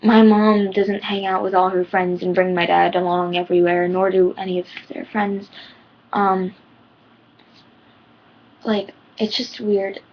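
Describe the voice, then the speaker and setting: A woman's voice: mid-range voice, flat delivery, unhurried, pauses often, highs cut off. A teenage girl giving personal advice in a rambling, heartfelt vlog, her voice shaking near tears. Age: teens. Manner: rambling, heartfelt, many ums. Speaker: vlogger.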